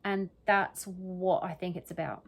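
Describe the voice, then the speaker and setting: In a lowish, creaky voice with a steady tone and measured pace, this woman does casual solo true crime commentary. She dissects an interview's phrasing while thinking aloud, frequently adding "right?" and "okay?". There's background noise.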